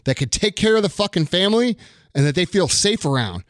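A man's voice: high voice, expressive, fairly quick, no room sound, studio quality. A man giving blunt dating advice in casual podcast chat, profane and emphatic.

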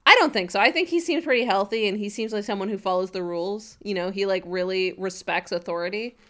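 A woman's voice: mid-range voice, quick pace, fairly bright tone. Woman co-host, casual and playful with dry sarcasm, laughs easily. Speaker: podcast co-host. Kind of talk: casual comedic podcast chat.

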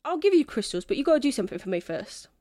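A woman voicing a drunk, laid-back man who schemes in a tavern, in a put-on accent with a slow, teasing drawl. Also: sits high, very animated, dark tone, no room sound, studio quality, voice pushed up. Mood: scheming. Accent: put-on accent, not her own.

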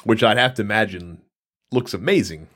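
A man's voice: lowish voice, normal speed, a bit bright. A man co-hosting a casual gaming podcast, talking in a chatty way with many fillers and restarts. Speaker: podcast co-host. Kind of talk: casual chat.

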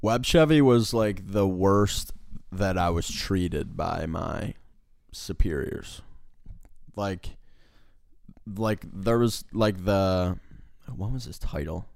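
A man's voice: low voice, lively intonation, takes it slowly, creaky, pauses often, darkish tone, dry recording, studio quality. A young man casually telling a work story, rambling with lots of fillers and frequent laughs.

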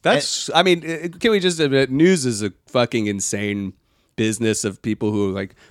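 A man's voice: medium pitch, moderate pace, no echo, studio quality. A man co-hosting a comedy podcast, chatting casually and joking in mock newscaster voices. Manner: animated, jokey, slips into mock newscaster voices. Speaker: podcast co-host and stand-up comedian.

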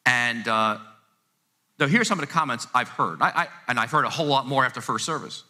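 A man's voice: medium pitch, animated, a little fast, sharp tone. A male pastor preaching a conversational sermon to his congregation in a church sanctuary, emphatic and prone to repeating words as he presses a point. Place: church sanctuary, live service.

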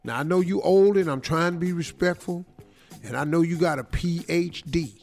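A man's voice: fairly high pitch, moderate pace, creaky, darkish tone, faint music behind. A man doing a blunt, slangy 43-year-old manager. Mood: confronting. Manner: blunt, slangy, streetwise tough talk. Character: brash 43-year-old male manager confronting his older boss.

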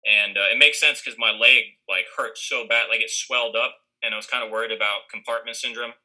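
A man's voice: medium pitch, steady tone, fairly quick, pushed and bright, poor audio. A man casually telling a long story with lots of fillers and restarts. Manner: rambling, many fillers.

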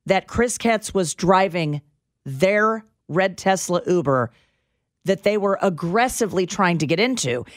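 A woman co-hosts a radio talk show, recounting an anecdote with dramatic flair. Her pitch swoops widely as she builds the story. The sound is close and dry, with no room around it. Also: lively intonation, a little slow, no room sound. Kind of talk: casual chat storytelling.

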